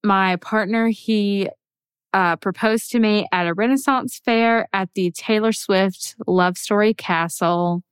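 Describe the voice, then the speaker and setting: A young adult woman co-hosting a podcast in casual chat, telling stories excitedly and acting out her own reactions. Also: medium pitch, takes it slowly, clear, resonant tone, dry recording, clean studio sound. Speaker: podcast co-host.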